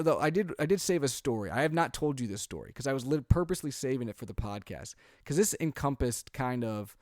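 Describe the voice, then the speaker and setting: In a clean, roomless studio recording, a mid-range male podcast co-host in his thirties spins a lengthy family tale. He's a father and an animated, casual storyteller who performs the quotes and leans on "like" and "um."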